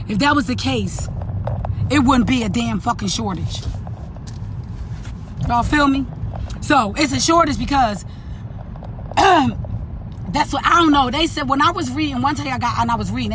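A woman's voice: fairly high pitch, noisy background. A woman, ranting bluntly and profanely to her viewers about relationships in an unscripted vlog. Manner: blunt, profane, preachy, addresses viewers directly. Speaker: vlogger. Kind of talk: unscripted relationship rant to camera.

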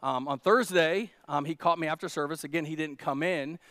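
A man's voice: on the high side, brisk, a bit bright, no echo. A male pastor, preaching a conversational sermon in a storytelling way, with restarts and fillers, building to emphatic peaks. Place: church.

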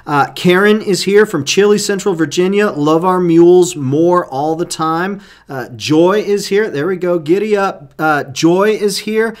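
A man's voice: high-pitched, a little slow, few pauses. A man co-hosting a live stream, upbeat as he reads out viewers' comments and questions. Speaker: co-host reading viewer comments.

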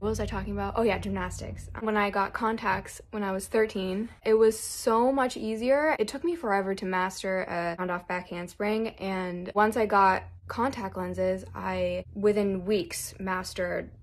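A woman's voice: medium pitch, steady tone, moderate pace, few pauses. A young woman in her twenties chatting nervously and self-deprecatingly while doing her makeup for a casual vlog. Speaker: model doing a makeup tutorial. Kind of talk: casual rambling vlog chat.

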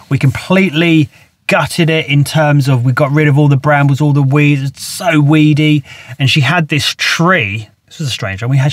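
A man's voice: a little high, dry recording, clean studio sound. A middle-aged man, telling a gardening story in a chatty, rambling, self-mocking way with frequent laughs. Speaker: gardener telling work stories. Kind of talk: casual storytelling.

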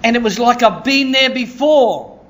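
A man preaching a sermon in a church, excitable and conversational, often asking "Hey?" and laughing. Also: very high-pitched, measured pace. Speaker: pastor.

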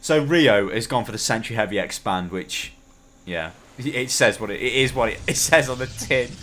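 A man's voice: mid-range voice, animated, moderate pace, fairly bright tone. A man commentating an esports match on a headset, joking and rambling in casual banter. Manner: jokey, rambling, teasing.

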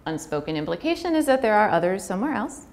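A woman giving a personal talk, speaking candidly and heartfelt with fillers, sometimes breaking into quick, acted-out dialogue. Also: mid-range voice, sing-song, a little hiss or hum. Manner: acts out dialogue in quick bursts. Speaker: speaker on pregnancy loss.

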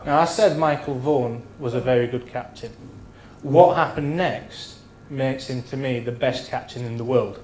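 An Englishman in his thirties tells bawdy after-dinner stories, cursing freely and acting out the characters. His middling, darkish voice moves unhurriedly and rings around a roomy function hall. A faint murmur of ambience and slight background noise sit underneath.

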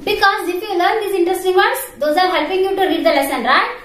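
A woman teaches young children English in an online class, spelling each word letter by letter and then saying it again. Her voice sits very high. The whole recording rings with strong room echo. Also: fast, fairly bright tone. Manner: spells words letter by letter, repeats pronunciation. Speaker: primary school English teacher. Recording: very echoey room.

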